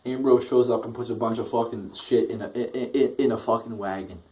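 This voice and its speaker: A man's voice: mid-range voice, steady tone, a little fast, warm tone, distant mic, poor audio. A young man ranting through a wrestling show review, exasperated, swearing constantly and repeating himself.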